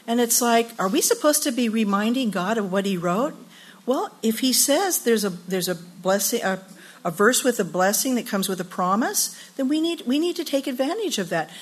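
A woman's voice: fairly high pitch, animated, normal speed, slightly rough. A woman in her sixties speaking at a women's retreat, telling funny stories with laughter and then teaching scripture earnestly. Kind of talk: storytelling sermon.

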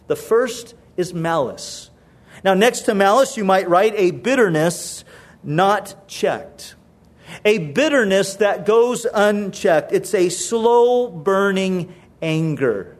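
A male pastor preaching a sermon in a conversational way, repeating his key phrases. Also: high voice.

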